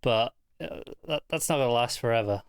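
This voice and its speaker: Man, casual review chat, measured and thoughtful, dry close sound. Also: mid-range voice, clear, resonant tone, dry recording. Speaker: podcast co-host.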